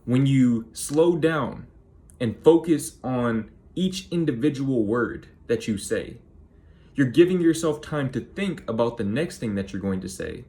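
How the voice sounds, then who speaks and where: Guy coaching on public speaking to camera, slow deliberate delivery, stretches out key words, mid pitch. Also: expressive, mellow. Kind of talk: direct-to-camera advice monologue.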